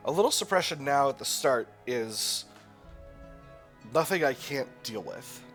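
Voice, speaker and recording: Lively man thinking aloud while playing. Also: mid-range voice, measured pace, faint music behind. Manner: thinks aloud, hesitant restarts. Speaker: gaming channel host. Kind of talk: let's play narration and reading aloud.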